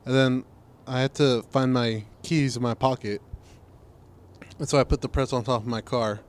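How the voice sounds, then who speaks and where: A young man co-hosting a casual podcast, telling an animated, profane story about a stranger. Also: mid-range voice, moderate pace. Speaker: podcast co-host. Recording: faint background noise.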